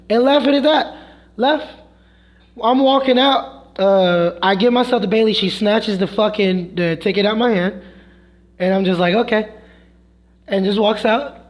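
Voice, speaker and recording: A man's voice: sits high, unhurried, pauses often. A frustrated male streamer telling a heated, profane story, acting out both sides of an argument in quoted voices.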